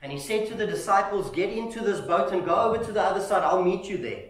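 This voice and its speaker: A man preaching a sermon in a church, telling stories with animated shouts, calling the congregation "family" and asking "Amen?". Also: high-pitched, fast talker. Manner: animated storytelling, acting out shouts. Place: church hall. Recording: echoey church hall.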